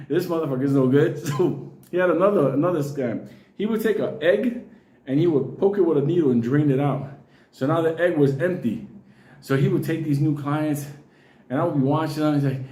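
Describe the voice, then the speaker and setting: A man telling a wild comic story, animated and swearing often, laughing through his lines. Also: fairly high pitch, brisk, echoey room. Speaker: comedian storyteller.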